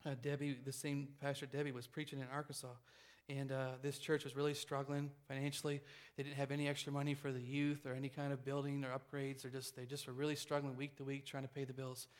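A man preaching a sermon, telling a story in a quick, animated way with frequent restarts. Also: mid-range voice.

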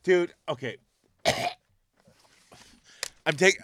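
Animated, bright-voiced joking man. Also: mid-range voice, normal speed, no room sound. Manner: joking, profane, laughs often. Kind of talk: crude comedic banter.

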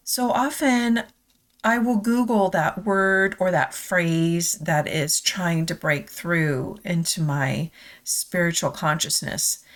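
A woman hosts a devotional podcast in an unhurried, gentle voice. She talks in a tender, confessional way that comes close to tears, then reads scripture aloud. Her voice sits a little low. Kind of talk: personal devotional reflection and scripture reading.

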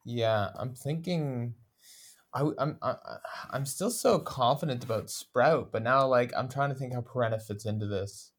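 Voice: medium pitch, normal speed. A speaker in casual chat, thinking aloud with hesitant restarts while building theories. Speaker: discussion participant.

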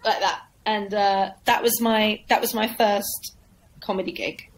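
A woman's voice: mid-range voice, measured pace, slight background noise, low-quality recording. A woman comedian telling an anecdote in a casual interview, acting out the people she describes. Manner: lively storyteller acting out voices. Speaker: comedian guest.

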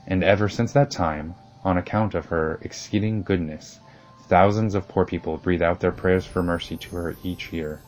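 A man narrating an old legend in a measured, solemn storybook reading. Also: sits low, poor audio.

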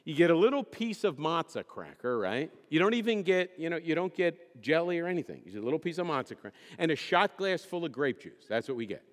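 A man's voice: fairly high pitch, big pitch swings, quick pace, few pauses. A middle-aged male pastor preaching a conversational sermon, joking and putting questions to the congregation. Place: church sanctuary. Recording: long hall reverb.

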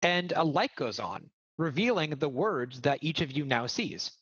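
A man's voice: fairly high pitch, sing-song, measured pace, fairly bright tone, husky, no room sound. Man running a tabletop game, muffled mic. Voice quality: hesitant, filler-heavy explaining. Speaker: game master.

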